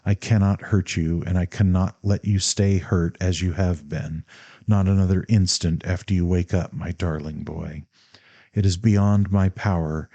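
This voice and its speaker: Loving mother in an audiobook letter, a man reading her: low, warm, gentle, subdued. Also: no echo. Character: tender, devoted middle-aged mother writing to her son.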